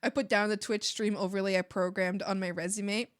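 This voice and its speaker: A woman's voice: mid-range voice, steady tone, a little fast, no echo, clean studio sound. A young woman streaming while she draws, chatting casually, giggling often and acting out the people she quotes in exaggerated voices. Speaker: streamer and illustrator.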